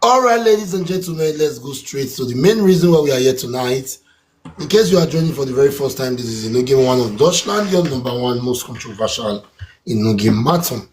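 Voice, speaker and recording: A man with a Nigerian accent hosting a live stream talk show in casual Pidgin. He talks in a loud hype-man way and breaks into chants and song. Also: medium pitch, animated, brisk, a little hiss or hum, low-quality recording.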